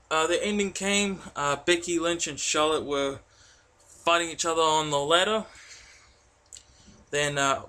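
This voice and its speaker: A man giving an excitable, rambling spoken review, full of fillers and restarts. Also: on the high side, unhurried, long pauses, smooth. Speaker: wrestling reviewer.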